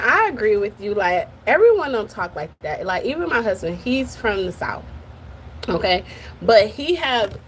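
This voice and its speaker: A woman with a slightly high voice gives her opinions on a clip. She speaks loosely and directly to her viewers and calls them y'all. A faint hiss of noise stays under her voice. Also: fairly bright tone. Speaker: commentary channel host. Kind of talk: casual reaction commentary.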